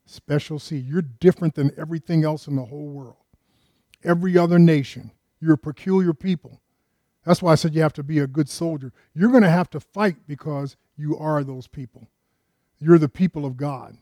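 A man's voice: fairly high pitch, a little fast, mellow, no echo, studio quality. A man preaching a conversational sermon, asking the congregation rhetorical questions and addressing them directly. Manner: addresses listeners directly and earnestly.

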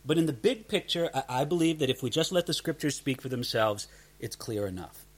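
A man's voice: mid-range voice, lively intonation, fairly quick, slightly rough. A man teaching a Bible passage verse by verse, earnest, often repeating words as he starts a sentence.

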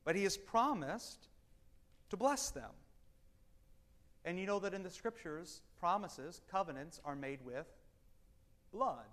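A man teaching a Bible study class, animated and wry, swinging between loud emphasis and quiet asides. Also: sits high, a little slow, long pauses. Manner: wry, self-deprecating humor.

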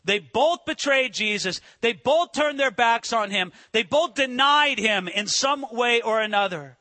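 A man's voice: very high-pitched, expressive, measured pace, bright, forceful tone, no echo. A man preaching a sermon as a pastor, earnest and full of rhetorical questions.

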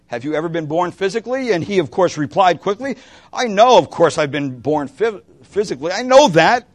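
A man preaching a sermon as pastor, impassioned, moving between loud emphatic lines and hushed ones, asking his listeners direct questions. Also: medium pitch.

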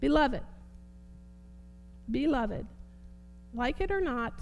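A woman preaching a sermon, fervent, repeating phrases and swinging between soft and emphatic delivery. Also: high voice, animated, takes it slowly, slight background noise.

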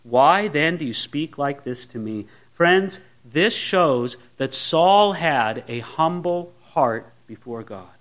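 A man's voice: a little high, lively intonation, takes it slowly, hardly any pauses, a bit bright. A male pastor preaching a sermon, acting out the lines of biblical characters.

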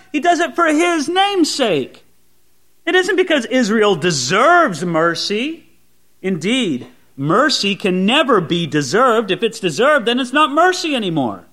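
A man's voice: extremely high pitch, pushed and bright. A man preaching an expository sermon, reading scripture aloud and stressing points with rising and falling emphasis. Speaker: pastor.

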